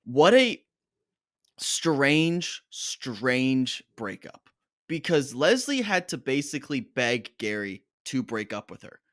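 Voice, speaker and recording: A young man co-hosting a casual reaction podcast, talking in an animated, fired-up rant. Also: mid-range voice, slow, no echo, studio quality. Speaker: podcast co-host.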